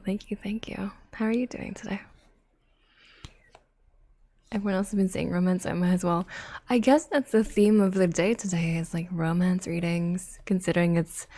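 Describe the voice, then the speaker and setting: A young woman streaming tarot readings in a soft-spoken ASMR voice, slipping into whispers and giggling with chat, close on the mic. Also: on the low side, no room sound.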